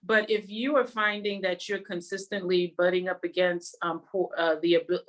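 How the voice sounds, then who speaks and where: A woman's voice: lowish voice, little pitch movement, normal speed. A woman guest on a talk show, explaining communication and demonstrating word emphasis. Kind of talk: conversational interview.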